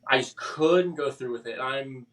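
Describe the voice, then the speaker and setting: Male guest, mid-pitched, halting emotional storyteller, slightly distant mic. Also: fairly even intonation, a bit bright. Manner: halting, emotional, with many restarts and fillers. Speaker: podcast guest. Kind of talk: personal story in a podcast interview.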